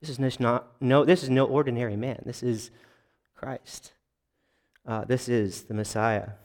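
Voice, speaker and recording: A man preaching a sermon to a congregation in a conversational, halting way, with many restarts, asides and small jokes at his own expense. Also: mid-range voice, steady tone, darkish tone. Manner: self-deprecating jokes to the congregation. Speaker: pastor.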